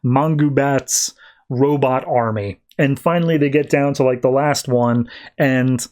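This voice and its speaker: A man's voice: mid-range voice, unhurried, a little mellow. A man hosting a podcast, recapping a comic book in a rambling, filler-heavy way. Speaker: podcast host.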